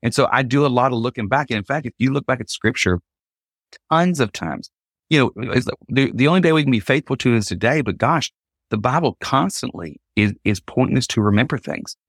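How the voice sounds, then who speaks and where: A Christian singer appears as a guest on a podcast, telling a personal story and animatedly acting out the people in it. His voice is medium-pitched and fairly quick, captured in a dry, studio-quality recording.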